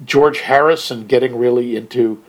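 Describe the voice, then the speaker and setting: A man with an ordinary middle-pitched voice talks through a film in casual podcast chat. He is wry and dry, and he reacts with short interjections. His tone stays conversational and easy. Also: steady tone, normal speed. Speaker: podcast co-host.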